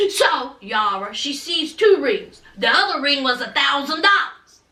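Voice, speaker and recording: A woman's voice: very animated, unhurried, sharp tone, reverberant, recorded from a distance. A woman hosting a reality TV recap in a casual, sassy chat, calling viewers y'all and honey and acting out quotes with big swings in her voice. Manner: acts out quotes with big swings in pitch and volume.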